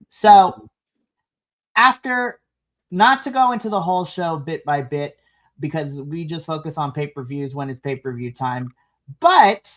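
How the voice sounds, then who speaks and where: Give me a lively podcast co-host chatting through a wrestling event, mid-pitched, with lots of laughter. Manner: animated, lively swings in pitch, laughs often. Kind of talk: casual wrestling review chat.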